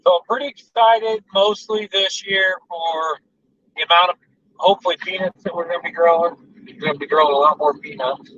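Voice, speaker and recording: With road noise in the background of a dull, distant in-car recording, a man chats casually and tells rambling stories while vlogging from his car on the highway. His voice is a little high, a bit bright, and a little fast.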